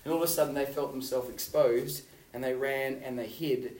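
Guy preaching to a youth group, animated, goes loud then quiet, roomy echoey hall, bit far from the mic. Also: mid-range voice, a little fast. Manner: animated storytelling, swinging from loud to hushed. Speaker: youth pastor. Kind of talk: sermon.

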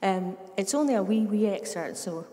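A woman's voice: mid-range voice, expressive, moderate pace, warm tone. A middle-aged woman with a Scottish accent, a pastor giving a conversational sermon full of humorous stories and asides. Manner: chatty storyteller with humorous asides. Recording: long reverb of a large room.

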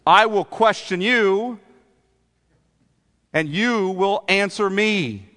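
A man voicing God as a stern, sarcastic male voice, firing slow, emphatic rhetorical questions in a sermon, with a long echo from the church hall. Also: sits high, pushed and bright, voice pushed up, full character voice. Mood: sarcastic, booming.

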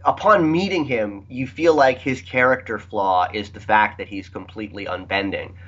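A man's voice: on the low side, moderate pace, fairly bright tone, muffled recording. A man co-hosting a podcast, chatting in a rambling, sarcastic way. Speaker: podcast co-host. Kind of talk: casual chat.

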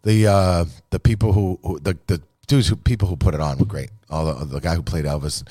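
A man telling stories in casual, profane podcast chat, animated and full of quoted voices. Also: low-pitched, a little fast, breathy edge, no room sound, studio quality.

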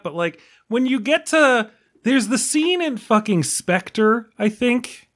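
A man's voice: very high-pitched, unhurried, fairly bright tone. A tired man hosting a casual film podcast, rambling with many fillers and restarts. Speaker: podcast host.

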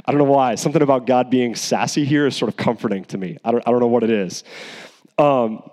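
A man preaching a sermon in an animated, conversational way, with asides and restarts. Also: mid-range voice, fast talker, big-room sound. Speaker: pastor.

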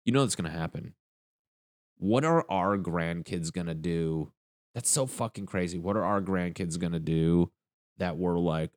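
Young guy doing raunchy standup, deep voice, dry close sound. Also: moderate pace, no echo. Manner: crude, rambling, jumps into silly voices. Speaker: stand-up comedian. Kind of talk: stand-up comedy rant.

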